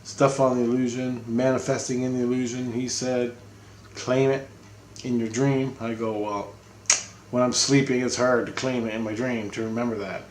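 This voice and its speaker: A man's voice: medium pitch, level tone, moderate pace, reverberant, slight background noise. A man giving a casual, rambling video update, talking bluntly and swearing freely. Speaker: spiritual vlogger.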